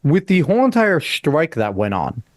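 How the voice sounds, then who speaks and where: A man's voice: a little high, wildly swooping pitch, moderate pace, darkish tone, no echo, clean studio sound. A man hosting a podcast, asking questions in a casual, conversational way and laughing easily. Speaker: podcast host.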